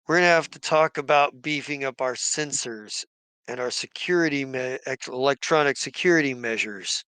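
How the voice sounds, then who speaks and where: A man voicing a swaggering, roguish male pirate captain who gives gruff, boastful commands. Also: mid-range voice, moderate pace, bright, forceful tone, no echo, close to an everyday voice, low-quality recording. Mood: commanding.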